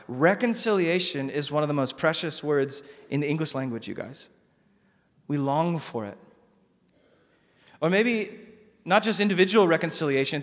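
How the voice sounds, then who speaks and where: A male pastor preaching a sermon in a conversational, animated way, often repeating words. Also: on the high side. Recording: long hall reverb.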